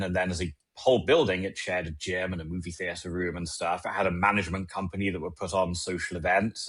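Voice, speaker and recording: A British man in his thirties talks through legal work in a calm, articulate way. His voice sits very low and carries a husky grain. He explains things step by step as a podcast guest. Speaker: legislative attorney, guest. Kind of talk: podcast interview.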